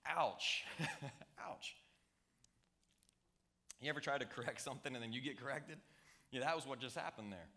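A man's voice: medium pitch, normal speed, pauses often, pushed and bright. A middle-aged man preaching a playful, jokey sermon in a church, talking to the congregation with asides. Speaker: pastor. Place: church sanctuary.

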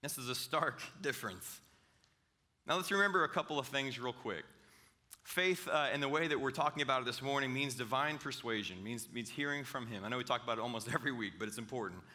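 A male pastor giving a conversational sermon, acting out quoted dialogue with lively, animated delivery. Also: medium pitch, quick pace.

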